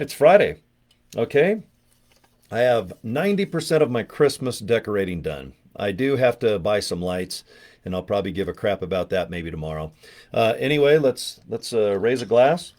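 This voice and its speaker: A man from Utah, USA, with a slightly mellow voice on the low side hosts a casual livestream vlog from his home studio. A network marketing vlogger, he's jokey and rambling and pokes fun at himself.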